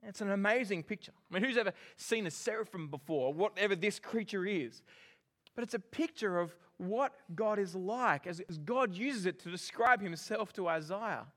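Kiwi pastor guy giving a sermon, highish voice, lively and jokey. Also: normal speed. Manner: animated and joking, with lively emphasis.

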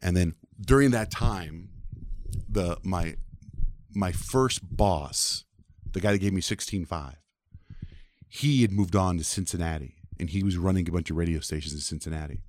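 A man in his fifties from the American Southwest, telling animated stories as an interview guest. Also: sits low, normal speed, slight background noise. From southwestern United States. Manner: animated, acts out quoted voices. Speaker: interview guest, radio personality. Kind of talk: conversational storytelling.

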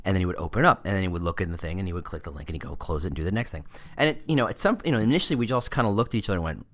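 Chatty opinionated man, low voice. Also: lively intonation, rapid-fire, a bit bright. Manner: conversational and opinionated, with many fillers and restarts. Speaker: podcast host. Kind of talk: casual monologue.

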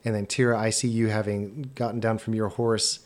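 A man's voice: fairly low pitch, little pitch movement, a little fast. A man narrating a tabletop game as game master, descriptive and sometimes stumbling over his words.

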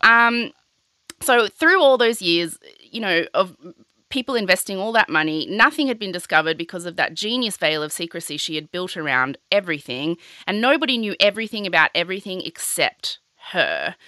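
A woman's voice: lowish voice, animated, moderate pace, bright, forceful tone, no room sound. A young woman hosting a podcast, telling a story in casual, sweary chat full of "like". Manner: chatty, sweary, heavy on filler "like". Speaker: podcast host.

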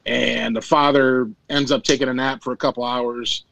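A man's voice: mid-range voice, flat delivery, normal speed, gravelly, fairly bright tone, no room sound, low-quality recording. A man hosting a podcast over a remote call, recapping a movie in a rambling, laid-back way with crude jokes and many fillers. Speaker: podcast host.

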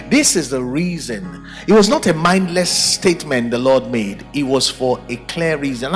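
A man preaching a sermon at a church service, emphatic and full of rhetorical questions. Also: medium pitch. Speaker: pastor.

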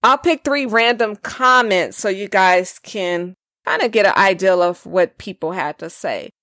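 Woman hosting a chill podcast, chatty, dry close sound, mid pitch. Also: measured pace, fairly bright tone, no room sound. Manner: chatty, reads listener comments aloud. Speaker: podcast co-host. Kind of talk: casual podcast chat.

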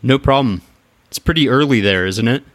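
A man's voice: mid-range voice, normal speed, dry recording. A man hosting a running podcast, friendly and loose with fillers. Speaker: podcast host. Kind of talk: casual interview hosting.

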